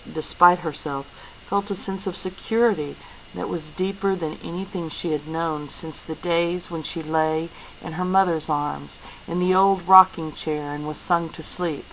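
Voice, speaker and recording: A woman reading a novel aloud, clear and unhurried. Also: on the low side, slight background noise, low-quality recording. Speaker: audiobook reader.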